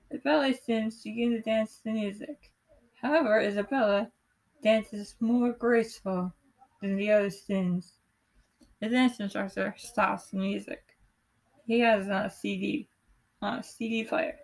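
A young woman calmly reading aloud her own play script, voicing every part in her plain voice. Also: mid-range voice, measured pace, poor audio. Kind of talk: unhurried script read-aloud.

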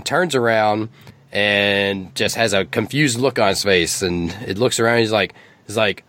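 A man's voice: on the low side, a little slow, a bit bright. A man narrating a tabletop game as game master, rambling and often correcting himself.

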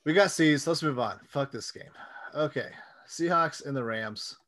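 A man's voice: on the high side, normal speed, fairly bright tone. A man co-hosting a casual sports podcast, laid-back and agreeable, his voice dropping to a mutter when he concedes a point. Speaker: podcast co-host.

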